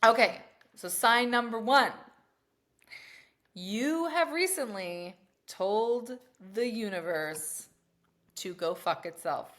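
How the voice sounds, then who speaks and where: A woman's voice: on the high side, slow, long pauses. A woman co-hosting a casual podcast chat. She is a mother who tells stories in a brash, profane way and acts out her own past rants in a raised voice. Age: adult with children. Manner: profane, animated storytelling. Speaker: podcast co-host.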